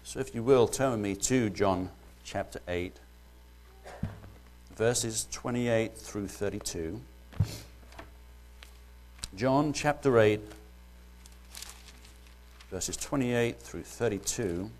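British man preaching a sermon, low voice. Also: takes it slowly, pauses often, a little mellow, slight background noise. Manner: joking, then earnest Bible reading.

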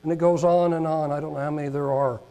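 A man preaching a sermon who reads long lists aloud, stumbling over pronunciations and rising to loud emphatic peaks before dropping low and quiet. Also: steady tone, quick pace, low-quality recording. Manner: rises in pitch and volume on emphatic points, drops low and soft on solemn ones. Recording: mains hum in background.

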